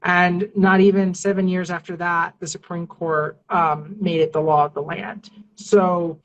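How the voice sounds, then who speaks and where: Earnest woman guest with a low voice. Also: steady tone, unhurried, muffled recording. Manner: earnest, reassuring, frequent fillers and restarts. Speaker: civil rights attorney and activist, guest. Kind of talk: casual interview talk.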